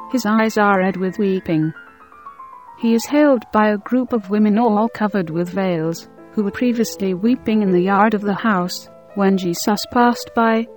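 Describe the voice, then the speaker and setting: A woman's voice: medium pitch, a little mellow. Woman solemnly reading a devotional story. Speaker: narrator. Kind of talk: scripted narration of a devotional story. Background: faint instrumental music.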